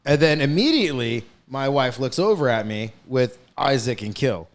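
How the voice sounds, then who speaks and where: Man, podcast host, profane heated rant, mid pitch. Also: a little hiss or hum. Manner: profane, heated storytelling with quick bursts. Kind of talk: casual ranting chat.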